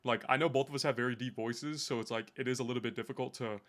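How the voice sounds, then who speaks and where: A man's voice: medium pitch, steady tone, fast, fairly bright tone. A young man in casual chat, coaching a coworker on sales, swearing freely and making his points bluntly. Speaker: sales rep.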